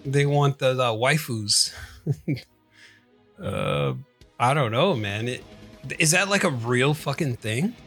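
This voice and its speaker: A man in casual, crude conversation, reacting quickly, swearing often and laughing a lot. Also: medium pitch, lively intonation, gravelly, fairly bright tone, breathy edge, soft background music.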